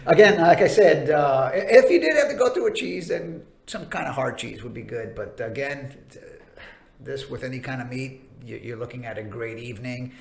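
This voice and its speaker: A man's voice: mid-range voice, lively intonation, moderate pace, gravelly. A man co-hosting a casual chat, presenting a wine in a chatty, laughing way with many fillers. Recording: echoey room.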